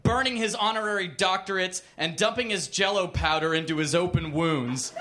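A man's voice: high voice, normal speed, hardly any pauses, pushed and bright. A man reading a crude comic story aloud on a comedy club stage, with mock-literary narration. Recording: noisy live club recording.

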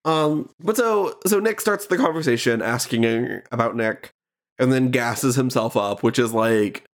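A man's voice: medium pitch, a little slow. Guy cohosting a podcast, casual recap chat, lots of ums and likes. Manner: chatty, laughs often, says "um" and "like" a lot. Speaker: podcast co-host.

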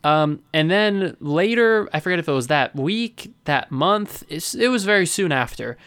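A man's voice: a little high, no room sound. Dry-sounding man joking on a podcast. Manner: animated, teasing, quick to joke. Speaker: podcast co-host. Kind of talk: casual podcast banter.

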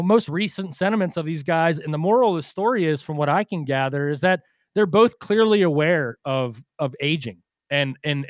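A man's voice: on the high side, no echo. Chatty man podcasting on a dry mic. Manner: rambling, lots of fillers and restarts, swears casually. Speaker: boxing podcast co-host. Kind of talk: casual podcast chat.

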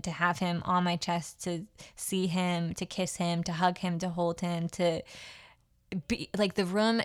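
Heartfelt woman telling a personal story. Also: lowish voice. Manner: casual, heartfelt, many fillers and restarts. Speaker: podcast host.

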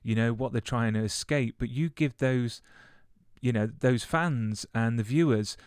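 A man's voice: medium pitch, measured pace, a little mellow, smooth, no echo, clean studio sound. A man hosting an interview, asking questions supportively and often saying "you know". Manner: supportive, frequent "you know", affirming murmurs. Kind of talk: interview conversation.

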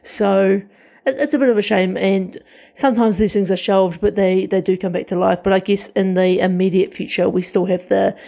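A woman's voice: medium pitch, fairly even intonation, normal speed, creaky, mellow. A woman co-hosting a pop-culture podcast, chatting with enthusiasm and often restarting her sentences. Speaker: podcast co-host. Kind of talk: casual pop-culture chat.

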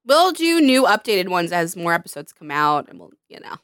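A woman's voice: lowish voice, sing-song, moderate pace, fairly bright tone, no echo, studio quality. A young woman co-hosting a podcast in casual chat, playful and laughing often. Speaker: podcast co-host.

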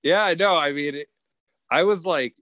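A man's voice: fairly high pitch, measured pace, fairly bright tone, dry recording. A man in his twenties telling a rambling story in a casual podcast chat, swearing and laughing often. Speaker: podcast co-host.

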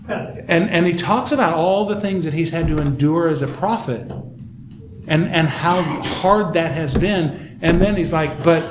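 A man's voice: on the high side, a little slow, noisy background. A man leading a Bible study class in a church room, teaching casually and acting out quotes with laughs. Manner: animated, laughs often, acts out quotes. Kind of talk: casual teaching in a group discussion. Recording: echoey room recording with group chatter.

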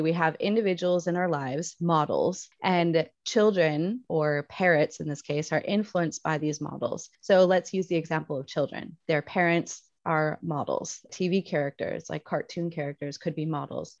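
Low-pitched woman teacher explaining stuff, chatty asides, dull dry recording. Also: a little mellow, no room sound. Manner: explanatory, casual asides and playful acted-out quotes. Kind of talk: recorded psychology lesson.

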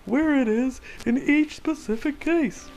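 Man doing a jokey stern-leader bit, pushed way up high and emphatic. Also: measured pace, a little mellow, faint music behind, rough recording. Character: a politician giving stern warnings, in a mock voice.

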